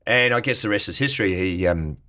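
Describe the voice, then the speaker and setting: A man's voice: fairly low pitch, a little fast, bright, forceful tone. A man in his fifties with an Australian accent, a business owner telling casual stories from his career as an interview guest, acting out the people he quotes. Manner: anecdotal, acts out quoted people with lifted voice.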